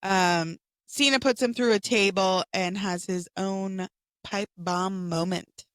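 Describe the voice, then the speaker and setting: A woman co-hosting a podcast, her voice raspy and hoarse from a cold. She talks through storylines in easy, chatty recaps. The sound is dry and close, with no room around her. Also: mid-range voice, steady tone, takes it slowly, no echo. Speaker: podcast co-host. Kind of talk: casual chat.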